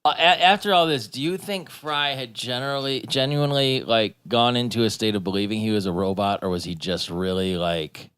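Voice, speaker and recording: A man's voice: fairly low pitch, brisk, hardly any pauses, fairly bright tone, clean tone, no echo. A man co-hosting a podcast, musing and asking the others questions about a cartoon episode. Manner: musing, asks the group questions. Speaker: podcast co-host.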